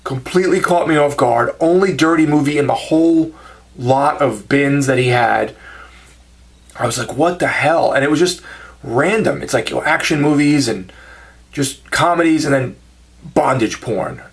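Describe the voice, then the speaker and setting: A man's voice: a little high, moderate pace, vocal fry. A man telling funny anecdotes in a casual, self-mocking way, acting out the people he quotes. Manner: chuckling, self-deprecating anecdotes with quoted dialogue. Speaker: channel host telling stories. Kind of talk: casual storytelling monologue.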